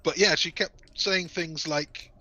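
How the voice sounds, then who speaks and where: A man's voice: on the high side, slow pace, highs cut off. A man from the UK co-hosting a podcast, telling stories in casual chat and laughing often. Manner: animated storyteller, laughs often. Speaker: podcast co-host.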